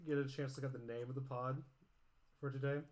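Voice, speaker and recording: A man hosting a casual livestream podcast, bantering quickly with lots of stammered restarts. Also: medium pitch, level tone, darkish tone. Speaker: podcast host.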